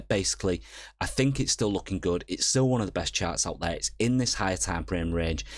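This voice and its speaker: A man's voice: low voice, no room sound. A man hosting a casual crypto market update, walking through charts and often checking in with viewers with "okay?". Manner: chatty, checks in with viewers with "okay?" and "all right?". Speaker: crypto trader and channel host.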